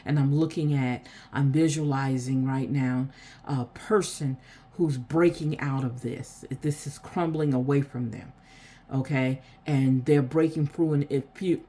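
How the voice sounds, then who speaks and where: Low-voiced woman doing a card reading. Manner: repeats phrases, soft and unhurried. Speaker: oracle card reader. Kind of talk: spiritual card reading to viewers.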